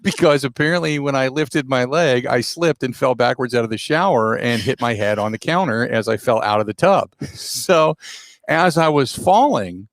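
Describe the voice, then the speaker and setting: A middle-aged man, a radio host, telling a story in a casual, animated, self-deprecating way with a gravelly voice. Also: mid-range voice, moderate pace, dry recording.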